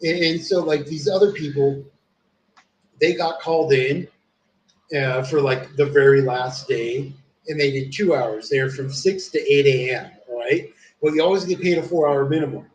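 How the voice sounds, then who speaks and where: A man's voice: on the high side, moderate pace. A man streaming, telling long rambling stories in casual chat, full of swearing and fillers. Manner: rambling, profane storytelling with many fillers. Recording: echoey room with faint ambient noise.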